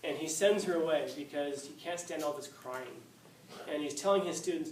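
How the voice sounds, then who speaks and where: A man's voice: fairly high pitch, normal speed, a little mellow. Male teacher, casual storytelling lecture with a joking tone, recorded from afar with faint hiss. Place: classroom. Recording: echoey classroom, far mic, faint hiss.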